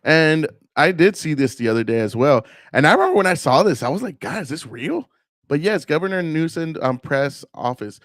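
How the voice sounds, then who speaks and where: Man, political commentary, casual rant, profane, rambling, slightly high voice, dry close sound. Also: lively intonation, a little fast, few pauses, fairly bright tone, dry recording.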